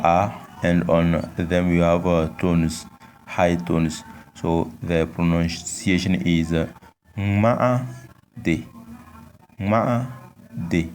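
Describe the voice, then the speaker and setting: A man giving a language lesson, speaking haltingly with many fillers and repeating example words. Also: deep voice, darkish tone. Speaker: language teacher.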